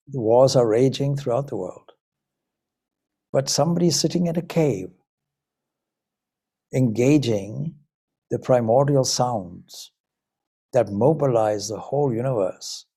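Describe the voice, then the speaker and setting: A man's voice: mid-range voice, mellow, slightly rough. A man from Zimbabwe, a Vedanta swami, giving a reflective spiritual talk full of rhetorical questions. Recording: Ireland talk.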